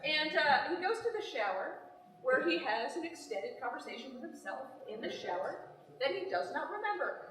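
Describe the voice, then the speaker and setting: A young woman improv performer telling a funny story on stage, animated and laughing, often exasperated. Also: high-pitched, moderate pace, a little hiss or hum. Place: theater stage. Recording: echoey theater hall from far off, audience.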